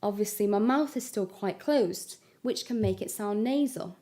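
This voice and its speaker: A woman giving a singing lesson, explaining vowel shapes step by step and demonstrating high notes. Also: moderate pace, dark tone. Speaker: singing teacher. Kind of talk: vocal lesson with sung examples.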